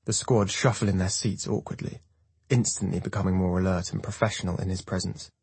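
A man giving scripted first-person audiobook narration in a measured way. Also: low voice, fairly even intonation, darkish tone, slightly rough, no room sound.

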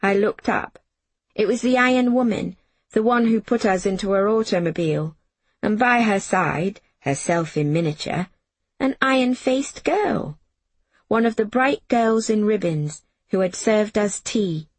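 A woman reading a first-person story aloud in a measured storybook narration. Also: medium pitch, lively intonation, no room sound. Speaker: audiobook narrator.

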